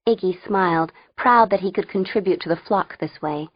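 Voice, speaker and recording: Woman reading an audiobook, lowish voice, wry and chatty, dry slightly dull booth sound. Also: normal speed, no room sound. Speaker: audiobook narrator. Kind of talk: first-person audiobook narration.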